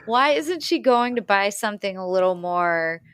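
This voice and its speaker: A woman's voice: medium pitch, lively intonation, moderate pace, smooth, dry recording, studio quality. A woman co-hosting a film review podcast, talking casually and thinking aloud. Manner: conversational, thinks aloud with fillers. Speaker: podcast co-host.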